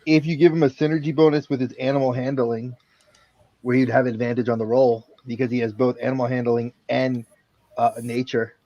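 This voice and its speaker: A man's voice: medium pitch, level tone, fairly quick, dark tone, no echo, dull audio. A man playing a tabletop game, checking the rulebook aloud and explaining rules with casual swearing. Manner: rules-focused, profane, flips through rulebook aloud. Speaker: player.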